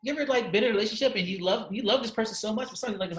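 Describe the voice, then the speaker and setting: A man's voice: sits high, racing, echoey room. A man speaking as a podcast guest, passionate and emphatic in casual conversation, swearing freely. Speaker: interview guest, activist.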